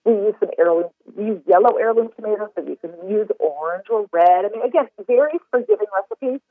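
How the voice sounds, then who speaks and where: A woman's voice: medium pitch, expressive, a little fast, no echo. A woman chef giving cooking advice in a casual podcast interview, enthusiastic and talking in long run-on explanations. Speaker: chef and recipe developer. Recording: tinny phone line, dry.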